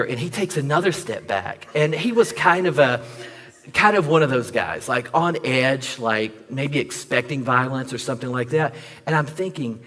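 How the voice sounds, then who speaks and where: Animated male preacher in a reverberant hall. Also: medium pitch, normal speed. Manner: animated storyteller acting out dialogue, jokes with the audience. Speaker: pastor. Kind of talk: sermon storytelling. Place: church sanctuary.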